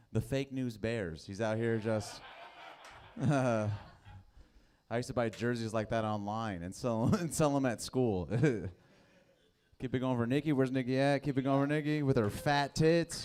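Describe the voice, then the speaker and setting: A man's voice: mid-range voice, a little mellow, slight background noise. A man doing a laid-back, self-mocking stand-up set in a bar, giggling between jokes. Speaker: stand-up comic. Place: comedy bar, live audience.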